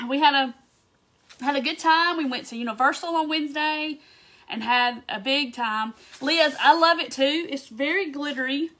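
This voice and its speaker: Bubbly high-voiced woman with a stuffy nose. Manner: bubbly, chatty, excitable. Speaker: craft livestream host. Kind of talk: casual livestream chat greeting viewers.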